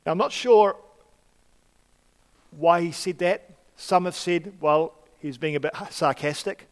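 Male preacher, fairly high voice, chatty sermon delivery full of ums and restarts, long hall reverb. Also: normal speed. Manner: conversational, with frequent fillers and restarts.

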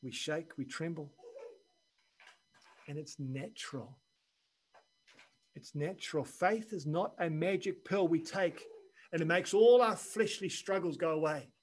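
A man preaching a sermon in an earnest, measured way, dropping quiet and then rising for emphasis. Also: a little high, low-quality recording. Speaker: pastor.

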